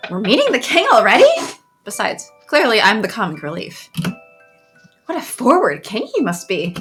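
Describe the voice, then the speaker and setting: Bright, lively woman teasing her co-host. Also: on the high side, moderate pace, pauses often, faint music behind. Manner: teasing, sarcastic, laughs often. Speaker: let's play co-host. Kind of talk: casual game commentary and reading.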